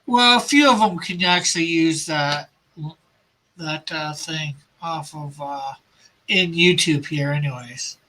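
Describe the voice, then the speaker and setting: A man's voice: on the high side, slow pace, sharp tone, low-quality recording. A man hosting a casual comics livestream, explaining things in a rambling way with fillers and restarts.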